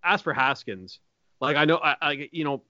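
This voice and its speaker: A man's voice: on the high side, normal speed, pushed and bright, no room sound, dull audio. A man co-hosting a casual sports betting podcast, musing aloud with lots of hesitations and fillers. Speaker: podcast co-host.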